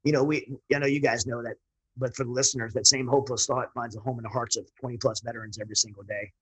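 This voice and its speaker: A man's voice: mid-range voice, little pitch movement, quick pace, breathy edge, poor audio. A man, a military veteran guest, telling his personal story in an earnest, rambling way with frequent restarts.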